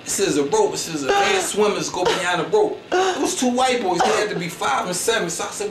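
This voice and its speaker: A slangy comedian from Philadelphia delivers a storytelling monologue in a high-pitched, very animated voice, talking a little fast with hardly any pauses over a loud crowd. He's boastful and rambling, constantly saying "you know what I'm saying," and the distant mic picks up echo and faint noise.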